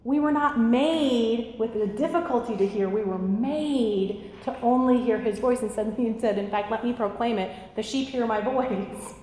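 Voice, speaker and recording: A woman preaching and telling stories with lively, animated delivery, putting on voices for the people in them. Her voice rings through a large hall with a long, echoing reverb. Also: a little high, normal speed, hardly any pauses, a little hiss or hum. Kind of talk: sermon storytelling.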